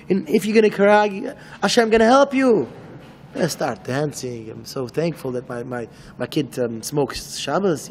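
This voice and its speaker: A rabbi giving a Torah lecture in English. He speaks haltingly, repeats words and acts out back-and-forth dialogues. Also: a little high, animated, slight background noise. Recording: long hall reverb.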